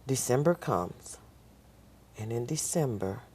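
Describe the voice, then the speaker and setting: A woman's voice: a bass voice, lively intonation, takes it slowly, darkish tone, husky. An older woman, a guest on a talk show, telling a personal story and acting out the voices of the people in it.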